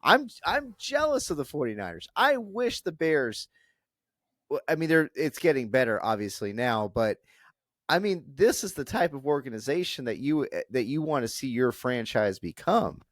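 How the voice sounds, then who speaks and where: A man co-hosting a casual sports podcast, feeling his way through his arguments with hedges and false starts. His pitch sits in an ordinary range. The recording is dry and close. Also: big pitch swings, no echo. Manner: halting, hedging, restarts a lot. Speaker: podcast co-host.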